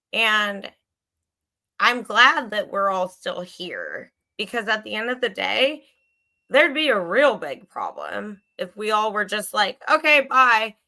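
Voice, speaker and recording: A woman in her forties hosts a casual livestream chat with a bright, forceful tone. She speaks candidly and emotionally, rambles and swears freely as she addresses her audience, at a pitch that sits in the middle for a woman. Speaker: channel host.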